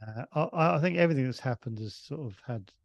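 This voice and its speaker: A man's voice: mid-range voice, animated, quick pace, vocal fry, no room sound. A middle-aged Englishman, a comedian guest, telling a rambling anecdote full of restarts and chuckles. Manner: rambling storyteller with frequent restarts and laughs. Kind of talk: casual anecdote.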